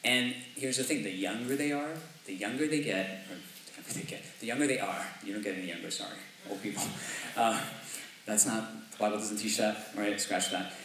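A man's voice: lowish voice, a little fast, a bit bright, heavy reverb, distant mic, a little hiss or hum, rough recording. A man preaching a sermon as pastor, in a conversational way, often asking "right?" and laughing lightly. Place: church sanctuary.

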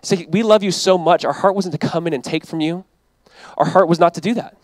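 A male pastor delivers a sermon with a high-pitched voice. He talks in a conversational, emphatic way and drops into quoted asides. The sound is dry and close. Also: brisk, dry recording, rough recording.

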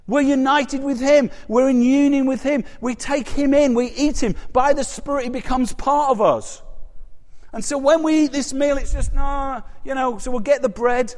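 A high-pitched man preaching in a church hall, swinging between loud emphatic rises and quiet drops. He keeps asking his listeners questions. His voice rings out with a long reverb tail. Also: moderate pace. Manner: animated, rises and drops sharply, rhetorical questions. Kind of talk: sermon.

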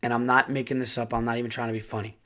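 A man hosting a podcast, telling a rambling, profane, animated story in a casual way. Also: mid-range voice, very fast. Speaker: podcast host and comedian.

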